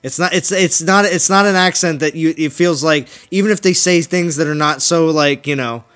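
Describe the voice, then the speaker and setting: A man's voice: on the high side, normal speed, fairly bright tone, soft background music. Rambling man hosting a game stream. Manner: rambling, repeats himself, laughs often. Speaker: livestream host. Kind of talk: casual gaming chat.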